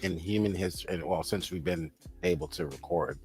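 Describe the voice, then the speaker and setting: A man's voice: deep voice, normal speed, a little mellow, faint music behind. A man on a group voice chat, earnest and conspiratorial in tone.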